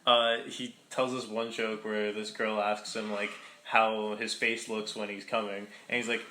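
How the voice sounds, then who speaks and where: Bright-voiced young man, laid-back swearing. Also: lowish voice, flat delivery, a little slow. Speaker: podcast co-host. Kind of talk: casual chat. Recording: echoey room with faint background noise.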